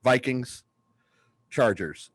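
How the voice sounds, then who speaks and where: A man in his fifties from southern California, co-hosting a casual sports podcast and telling stories with excitement. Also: mid-range voice, very slow, slightly rough, dry recording. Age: 50s. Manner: excitable storyteller, acts out quotes loudly. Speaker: podcast co-host.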